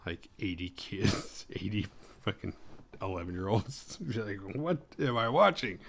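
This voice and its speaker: A man's voice: lowish voice, fairly bright tone. A man hosting a horror movie podcast, retelling the plot in a rambling, jokey way with crude humor. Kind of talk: casual film recap.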